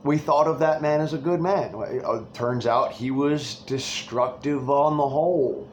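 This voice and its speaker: A man's voice: medium pitch, moderate pace, a little mellow, dull audio, a little hiss or hum. A man delivering an angry, rambling political rant full of swearing.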